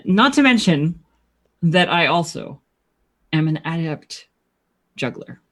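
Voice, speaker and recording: A woman's voice: low voice, animated, slow pace, a bit bright, exaggerated voice. A woman playing a sardonic female court jester in a tabletop game, dry and sarcastic.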